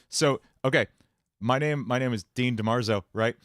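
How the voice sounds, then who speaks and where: A streamer and musician chatting casually on his own stream. This man talks in a loose, jokey ramble and often restarts his sentences. The sound is dry and close, at an ordinary middle pitch. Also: brisk, dry recording. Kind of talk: casual livestream chat.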